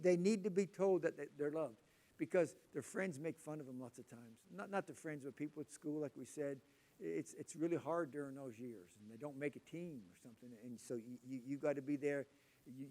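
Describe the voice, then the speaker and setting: An older man with a drawl preaches to his congregation in a loose, conversational way. He stumbles over and repeats his words, and he breaks off to ask the room questions. His voice sits a little higher than most men's. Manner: rambling, repeats words, chatty asides to the audience. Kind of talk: casual sermon talk.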